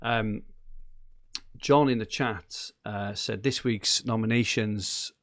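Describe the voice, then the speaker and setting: A man's voice: lowish voice, fairly even intonation, takes it slowly, dry recording, clean studio sound. A man co-hosting a casual podcast, reading out league standings with lots of ums and uhs. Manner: chatty, reads out standings with many fillers. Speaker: podcast co-host.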